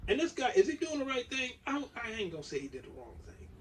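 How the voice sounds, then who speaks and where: High, lively voiced man talking fast. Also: distant mic. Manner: repeats himself, emphatic, stumbles on words. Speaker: co-host. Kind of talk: casual opinion chat.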